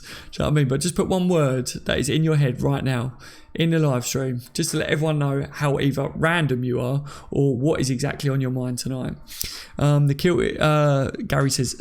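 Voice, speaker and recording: A man's voice: mid-range voice, a little mellow. A young man hosting a casual live stream, reading viewer comments aloud and laughing often.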